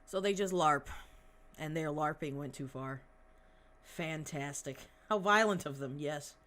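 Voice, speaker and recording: A podcast host with a mid-range, bright, forceful voice speaks a little slowly while reading news articles aloud. He breaks off often for sarcastic, mocking asides full of swearing, in a casual commentary style.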